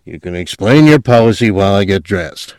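A man's voice: fairly low pitch, lively intonation, fairly quick, a little mellow, no room sound, close to an everyday voice. A man voicing a grumpy husband who mutters curt replies.

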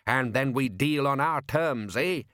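A man's voice: mid-range voice, a little slow, sharp tone, no room sound, studio quality. A man doing a blustering bossy fisherman dad. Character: blustering scheming middle-aged fisherman father.

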